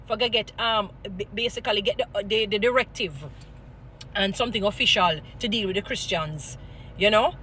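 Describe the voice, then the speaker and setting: A Jamaican woman holds forth like a street preacher, her bright, forceful voice swinging between scolding and Bible storytelling in a mix of patois and English. Faint traffic hums outdoors behind her. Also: mid-range voice. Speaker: vlogger. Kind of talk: impassioned commentary with Bible stories.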